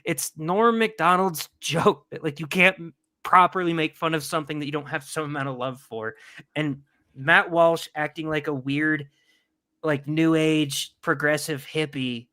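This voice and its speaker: Bright punchy guy on a podcast, a bit high pitched, tells stories all animated. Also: measured pace. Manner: animated storytelling, loud mock excitement. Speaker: podcast co-host. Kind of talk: casual chat.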